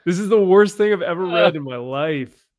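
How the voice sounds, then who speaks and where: A man's voice: high-pitched, lively intonation, normal speed, a little mellow. A man hosting a live comics chat show, reading scenes aloud in mocking voices and laughing with his co-hosts. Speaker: comic book show host. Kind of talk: casual live-stream chat.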